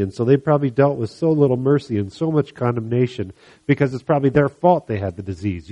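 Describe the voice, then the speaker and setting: Talking fast in a mid-range voice, a pastor animatedly recounts a Bible story during his sermon, performing the voices of its characters.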